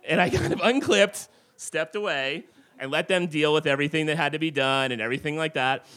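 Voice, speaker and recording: A man's voice: a little high, fairly quick. A middle-aged man telling a rambling true story to a live audience in a tavern, with lots of fillers. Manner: animated, rambling with many fillers.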